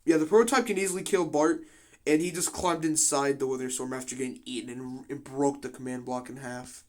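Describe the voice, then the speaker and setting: A man's voice: medium pitch, steady tone, fairly quick, darkish tone. A young man giving casual commentary on a game simulation, slangy and full of swearing and joking asides.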